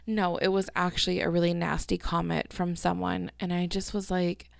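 A woman's voice: lowish voice, level tone, moderate pace, gravelly, hardly any pauses, no room sound, studio quality. A young woman hosting a solo podcast in casual chat, gushing to her listeners with lots of "like" and "um", yawning now and then. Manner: chatty, filler-heavy, 'like' and 'um' everywhere; yawns between phrases. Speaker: podcast host.

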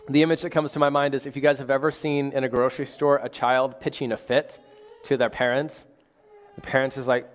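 A man in his thirties preaching a sermon as pastor, in a casual, conversational way full of restarts. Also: medium pitch. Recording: long hall reverb.

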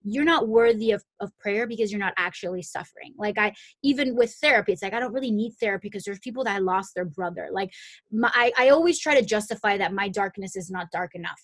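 A woman's voice: mid-range voice, fast talker, no room sound. A young adult woman hosting a podcast, telling a personal story in a casual, chatty way, full of "like" and "um" and frequent restarts. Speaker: podcast host.

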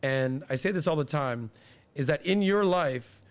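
Animated storytelling man. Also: measured pace, smooth. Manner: animated, acts out quoted people in higher voices. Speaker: podcast host. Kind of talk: casual storytelling chat.

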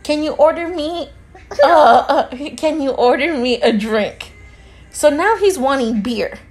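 A woman telling a story on a casual podcast. She has a high voice that swoops up and down, and she quotes everyone in the story. Her talk is sprinkled with swearing and the odd Spanish phrase. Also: a little slow, soft background music. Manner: animated, acts out both sides of conversations, swears freely. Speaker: podcast co-host.

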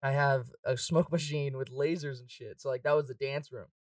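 A young man telling a party story in casual chat, profane and quick, laughing often and acting out quotes. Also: mid-range voice, fairly even intonation, no room sound, distant mic.

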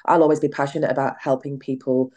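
A low-pitched woman talks as a podcast guest. She retells events in a chatty, animated way, slipping into quoted back-and-forth dialogue. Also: fast. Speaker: guest, clinic owner and cosmetic nurse. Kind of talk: casual storytelling in a podcast interview.

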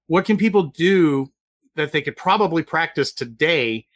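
A host chats casually with a guest on a video call, asking questions and sharing stories. The voice rises and falls a lot, lively and conversational. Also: medium pitch, normal speed. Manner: conversational, steers the talk with questions. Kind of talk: casual interview chat over a video call.

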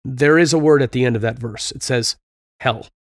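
A man's voice: medium pitch, normal speed, dry recording, clean studio sound. A middle-aged man hosting a parenting talk, speaking earnestly and a bit preachily, telling stories with fillers. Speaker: podcast host. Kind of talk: conversational Christian parenting talk.

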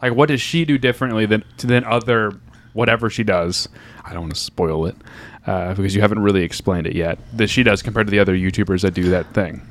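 A young man hosting a casual podcast chat, rambling and teasing in a deadpan way. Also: on the low side, fast. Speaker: podcast host.

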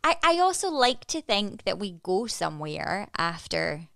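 A young woman from Edinburgh with an Edinburgh Scottish accent, a stage actress chatting as a podcast guest and telling a story in a lively, animated way. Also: mid-range voice, measured pace, gravelly, dry recording. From Edinburgh, Scotland. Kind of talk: casual chat, storytelling.

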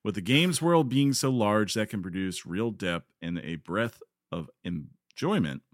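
Male co-host, lowish voice, dry close mic, casual gaming news chat. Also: animated, a little slow, dry recording. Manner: joking, reads news items aloud with quotes. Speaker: podcast co-host.

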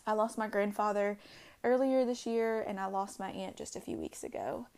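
A young woman speaks off the cuff on her own podcast, candid and a little halting as she circles back on her words. Her voice sits at a middle pitch with a gravelly, fried edge. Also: fairly even intonation. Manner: candid and halting, with frequent restarts and soft asides. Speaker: podcast host. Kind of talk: unscripted personal podcast monologue.

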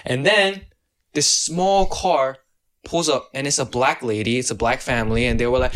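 A man's voice: medium pitch, fairly even intonation, moderate pace, fairly bright tone, a little hiss or hum. A teenage boy chatting casually with a friend, telling a loose, rambling story. He talks in slang and swears freely, with restarts and fillers throughout. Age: teens. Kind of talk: casual chat.

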